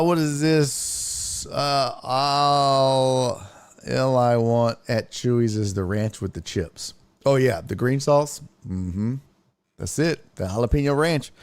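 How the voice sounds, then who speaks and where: Slow-talking, profane man hosting sports chat. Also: medium pitch, clean tone. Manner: profane, ranting, rambling. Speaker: sports podcast host. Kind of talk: casual sports talk.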